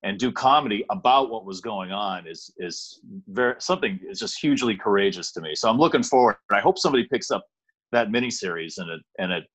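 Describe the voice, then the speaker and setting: Low-voiced male host, effusive, rambling. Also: animated, quick pace, fairly bright tone. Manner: rambling, effusive thanks with fillers. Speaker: podcast host. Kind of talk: casual interview chat.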